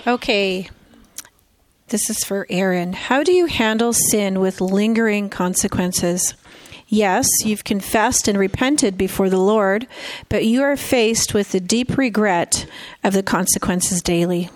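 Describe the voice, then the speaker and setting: A woman's voice: mid-range voice, a little slow, no echo. A woman co-hosting a Christian talk show, reading out a listener question in an upbeat, direct way. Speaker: podcast co-host.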